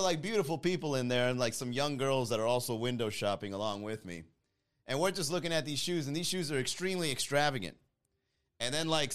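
A man tells a funny story on his podcast, jumping into the voices of the people he met. His voice sits a bit high for a man and swings up when he gets excited. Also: clean tone. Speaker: podcast host. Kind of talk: comic storytelling.

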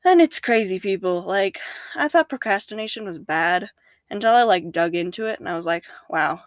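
A young woman, a podcast guest, talking casually about faith, animated, laughing often and acting out her own inner voices. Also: medium pitch, fairly quick, dry recording.

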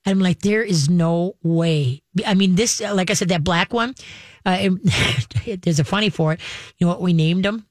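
A woman's voice: on the low side, normal speed, no room sound, studio quality. A woman telling a long story in casual conversation, full of fillers and restarts. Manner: rambling, many fillers and restarts.

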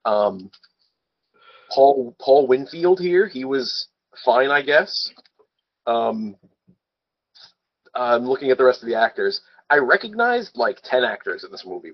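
A man's voice: mid-range voice, sing-song, unhurried, pauses often, dry recording. Man, podcast co-host, sardonic, swears a lot, dull lo-fi recording. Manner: sardonic, swears freely, laughs often. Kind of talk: casual movie review chat.

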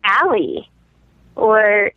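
A woman's voice: mid-range voice, very animated, drawn-out words, no echo. A woman calling in to a show, talking hesitantly and stammering as she gives her opinion. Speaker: caller. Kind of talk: casual phone call. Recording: tinny phone line.

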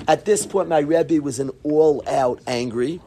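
Animated man telling a funny story. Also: on the high side, measured pace, a little hiss or hum. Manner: animated, self-deprecating, peppered with "like". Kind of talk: humorous personal anecdote told to a group.

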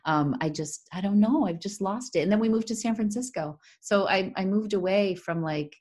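A woman's voice: medium pitch, normal speed, a little mellow. A woman from the Boston area with a faint Boston accent, co-hosting a podcast in casual, rambling chat. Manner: chatty, rambling with fillers and restarts. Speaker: podcast co-host.

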